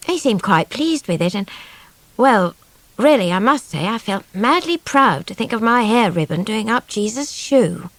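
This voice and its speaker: A woman's voice: fairly high pitch, animated, measured pace, no echo. Woman reading a storybook. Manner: chatty, girlish first-person telling. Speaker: audiobook reader. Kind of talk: storybook narration.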